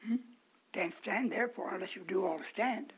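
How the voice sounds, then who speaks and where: Preaching to his congregation, this man has a high-pitched voice with a breathy edge and moves a little fast. His delivery alternates between whispered asides and loud, emphatic declarations, broken up by chuckles.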